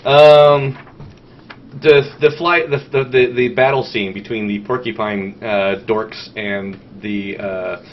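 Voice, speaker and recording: Rambling man with lots of fillers. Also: fairly low pitch. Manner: rambling, animated, swears, halting with fillers. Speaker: podcast host. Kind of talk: casual chat. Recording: dull lo-fi sound with faint noise.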